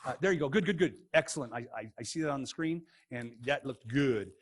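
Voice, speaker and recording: A man teaching a playful science demo for kids, goofy and excitable, joking as he goes. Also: mid-range voice, brisk.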